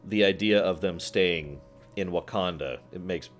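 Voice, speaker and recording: A man streaming, chatting casually with his viewers in a rambling, animated way, often laughing and acting out scenes. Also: sits low, a little slow, faint music behind. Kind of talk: casual chat with live chat.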